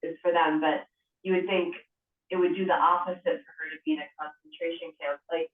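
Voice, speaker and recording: A woman's voice: on the low side, steady tone, a little fast. A woman hosting an interview, asking sympathetic, probing questions. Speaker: host. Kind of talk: interview chat. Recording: distant, echoey, phone-like call audio.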